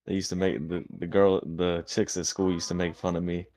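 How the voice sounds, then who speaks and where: A man hosting a live trading stream, talking through charts with excited, cussing commentary. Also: deep voice, brisk. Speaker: livestream host trading. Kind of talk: casual livestream chat.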